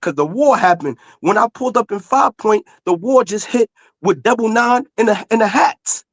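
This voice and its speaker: A high-pitched man argues hard, circling back to restate his point again and again over interruptions. The sound is dry and close, with no room around it. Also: expressive, normal speed, a bit bright, no room sound. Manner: insistent, repeats himself, talks over others. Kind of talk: heated casual argument.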